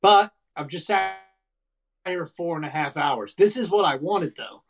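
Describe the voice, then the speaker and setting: A man in his thirties, co-hosting a casual podcast, recounting a wrestling match in an animated, profane, storytelling way. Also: on the high side, measured pace. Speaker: podcast co-host. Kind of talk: casual wrestling review chat.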